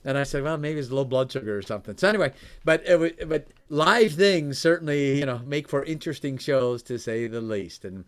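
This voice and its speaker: A man telling a story in conversation, animated and laughing often, his voice jumping high when excited. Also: fairly quick, few pauses, clear, resonant tone. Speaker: coach and former radio host.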